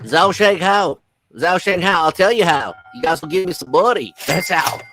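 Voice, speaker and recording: A man putting on a high, loud, mocking voice of a prince. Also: animated, brisk.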